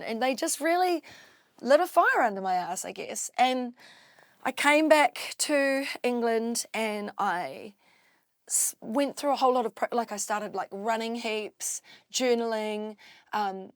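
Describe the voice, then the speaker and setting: A woman from New Zealand with a New Zealand accent, a drum and bass MC telling her story in an interview, halting, with many restarts and fillers. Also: no echo, clean studio sound. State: tearful at times. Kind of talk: candid interview talk.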